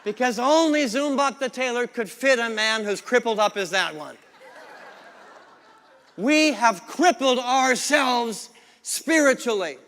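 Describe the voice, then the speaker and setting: A man's voice: very high-pitched, lively intonation, takes it slowly, fairly bright tone, a faint crowd, slight background noise. A male pastor giving a sermon, leading the congregation in reading lines together and repeating key phrases. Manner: call-and-response preaching with repeated lines. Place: church sanctuary. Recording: long reverb of a church sanctuary.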